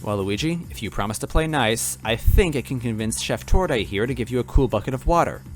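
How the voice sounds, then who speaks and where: A man's voice: mid-range voice, animated, brisk, soft background music, close to an everyday voice. A man voicing a tough, bossy young female goomba police officer who talks in a smug, demanding way.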